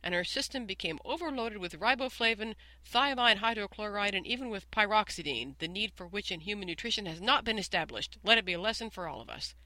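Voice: medium pitch, animated, fast, few pauses, pushed and bright, no room sound. A reader voicing a tiny bossy mouse teacher. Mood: assured. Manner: bossy, crisp, dismissive. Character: tiny brisk male mouse substitute teacher. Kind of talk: audiobook character voice.

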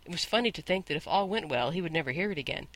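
A man narrating a storybook in a measured, gently expressive way, close to the mic. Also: on the high side, no room sound. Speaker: audiobook narrator.

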